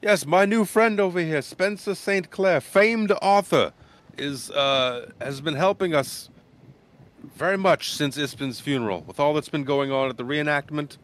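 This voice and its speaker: A man's voice: a little high, measured pace, pitched above the performer's own voice, natural voice. A man voicing a flustered woman village mayor who stammers and urges her people to flee, in a tabletop game. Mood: urgent. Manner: anxious, stammering, urgent.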